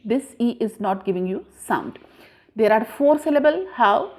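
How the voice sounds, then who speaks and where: A woman teaching a grammar lesson, explaining slowly and repeating points, with frequent pauses. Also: a little high, expressive. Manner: slow, deliberate, repeats points with many "uh" pauses. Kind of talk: classroom lesson explaining syllables.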